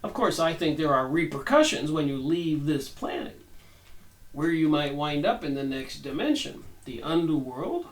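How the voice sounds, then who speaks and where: A man's voice: on the high side, lively intonation, moderate pace, recorded from a distance, poor audio. A man hosting a book review, reading passages aloud and adding his own conversational, rambling asides. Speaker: channel host reviewing a book.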